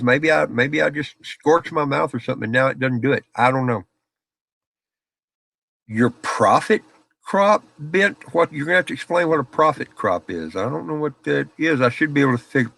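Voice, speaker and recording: A man's voice: fairly high pitch, expressive, normal speed, gravelly, a bit bright, no echo. A middle-aged man hosting a casual live stream from a small office, chatting with viewers and telling stories, often laughing. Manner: folksy storyteller, laughs often.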